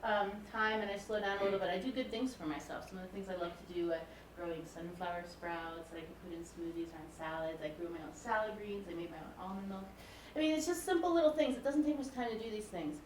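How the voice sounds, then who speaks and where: A woman's voice: medium pitch, quick pace, slight background noise. A woman in her forties, a music professor, giving a candid, personal public lecture. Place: lecture hall. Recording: roomy hall, mic from a distance.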